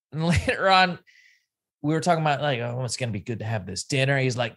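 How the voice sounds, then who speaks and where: A man's voice: mid-range voice, a little fast, fairly bright tone. A man co-hosting a podcast, retelling a story casually and quoting each person's lines as he goes. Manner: conversational, quotes people in a play-by-play retelling. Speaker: podcast co-host.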